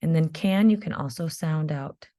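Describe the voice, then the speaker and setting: A woman's voice: sits low, moderate pace, warm tone, no room sound. A woman teaching a phonics spelling lesson to young children, patiently sounding out words letter by letter.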